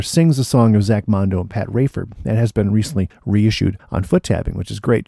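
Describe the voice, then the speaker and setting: A male radio DJ with a gravelly, mellow voice, talking up records in easygoing, enthusiastic patter. The sound is close and dry, like a small studio booth. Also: medium pitch, no room sound. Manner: chatty and enthusiastic about records. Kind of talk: laid-back radio DJ patter.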